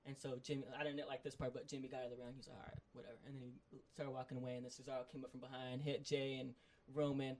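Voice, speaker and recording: Fast, rambling male podcast co-host. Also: mid-range voice. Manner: excited rambling recap full of "like". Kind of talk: casual chat.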